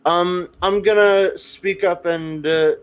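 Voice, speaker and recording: Slow-talking, slightly high-voiced man. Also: steady tone, smooth, rough recording. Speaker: player. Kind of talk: casual table talk.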